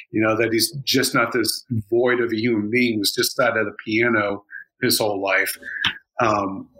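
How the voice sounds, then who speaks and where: A man chatting casually on a podcast, his voice bright and forceful. He rambles, circling his points with plenty of fillers and restarts. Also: medium pitch, rough recording. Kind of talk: casual chat.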